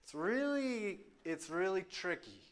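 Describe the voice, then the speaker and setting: A male pastor with a high-pitched, sing-song voice preaches slowly in a church sanctuary. Speaking emphatically in a question and answer session, he repeats phrases for stress.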